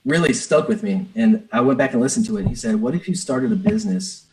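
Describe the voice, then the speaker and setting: A business coach, a man appearing as a podcast guest, speaks openly in an interview, telling a personal story earnestly with many restarts and lots of "man." His mid-range voice is sing-song, a little fast and a little mellow, in a low-quality recording.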